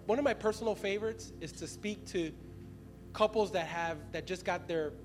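A man's voice: sits high, moderate pace. A man in his thirties preaching a sermon as a pastor, conversational and laughing often as he speaks to the congregation. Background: music.

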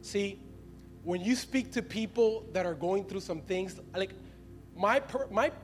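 A man's voice: sits high, unhurried. A man in his thirties preaching a sermon as a pastor, conversational and laughing often as he speaks to the congregation. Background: music.

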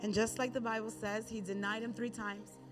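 High-voiced woman preaching conversationally. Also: level tone, moderate pace, music in the background. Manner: conversational storytelling with acted Bible quotes. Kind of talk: sermon.

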